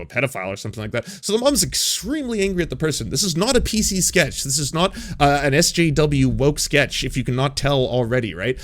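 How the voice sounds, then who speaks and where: Man in his thirties, vlog commentary, rambling, sarcastic, swears a lot, medium pitch. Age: 30s. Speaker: commentary host.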